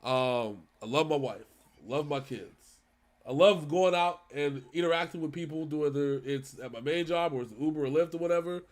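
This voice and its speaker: A man with a fairly high speaking voice talks through something heavy in a casual, emotional way. He stops and restarts his sentences often, earnest and unpolished. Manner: earnest, halting, with many restarts. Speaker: reaction channel co-host.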